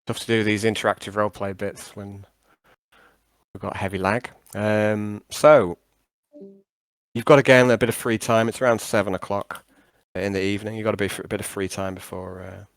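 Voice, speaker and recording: A man's voice: lowish voice, fairly even intonation, normal speed, dry recording. A man running a tabletop game over a call, rambling and hesitant with many fillers and restarts. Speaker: game master.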